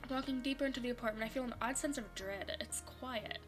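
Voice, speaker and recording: A young woman streaming a visual novel, reading the story and her character's lines aloud and breaking into animated, laughing reactions. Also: fairly high pitch, fast talker, music in the background. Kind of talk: reading a game script aloud with commentary.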